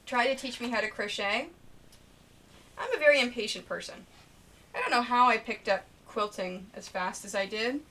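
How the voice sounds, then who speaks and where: Sewing on a live stream, a woman quilter chats casually, thinking aloud and greeting viewers by name. Her voice is a little high and sharp at normal speed, picked up by a distant mic with faint noise.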